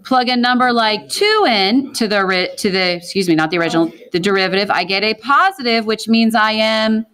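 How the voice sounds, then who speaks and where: A woman's voice: mid-range voice, fairly bright tone, smooth. A woman teaching a math class in a classroom, walking students through problems and asking them questions as she goes. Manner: brisk, asks the class questions and answers them.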